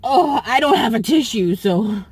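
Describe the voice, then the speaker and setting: A woman talking to camera about a falling-out with a friend, tearful, halting and repeating herself as she restarts her sentences. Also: high voice. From Southern US. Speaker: YouTuber. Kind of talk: emotional personal vlog.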